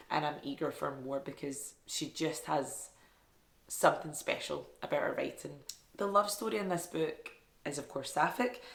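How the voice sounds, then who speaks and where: A woman's voice: deep voice, gravelly. A woman chatting casually about books she loved, enthusiastic and self-deprecating. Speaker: book reviewer. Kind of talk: casual book review vlog. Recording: echoey room.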